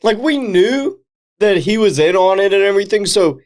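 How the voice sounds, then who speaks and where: A man's voice: high-pitched, animated, moderate pace. A man co-hosting a casual movie chat, dropping short, laid-back, wry replies. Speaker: podcast co-host.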